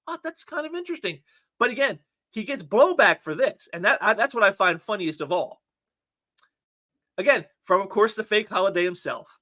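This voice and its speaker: A man talks through online posts in a casual commentary, sneering and sarcastic, stumbling into repeated words. His voice sits very high and bright. His pitch swoops up and down in a lively way. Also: a little fast. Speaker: commentary channel host.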